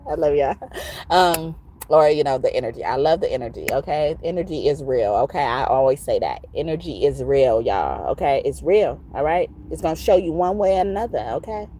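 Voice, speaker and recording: Low-voiced woman, chatty spiritual reader. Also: lively intonation, a little hiss or hum. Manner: affectionate, rambling, tags lines with "okay?", laughs often; breaks into soft, slow crooning singing. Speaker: tarot reader. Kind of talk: casual spiritual sign-off monologue.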